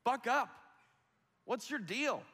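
A man's voice: very high-pitched, animated, slow pace, a bit bright, long reverb tail, pitched above the performer's own voice, full character voice. A man voicing God as an exasperated, stern male figure who mockingly rebukes a listener.

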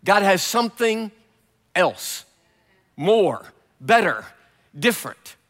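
High-voiced, bright male preacher. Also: takes it slowly, long reverb tail. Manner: animated storytelling, humorous. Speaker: guest preacher. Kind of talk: sermon.

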